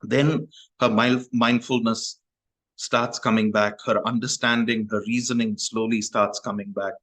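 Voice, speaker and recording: A man's voice: medium pitch, level tone, unhurried, fairly bright tone, low-quality recording. A male Buddhist monk telling a story in a Dharma talk, talking in a loose, conversational way with restarts and asides.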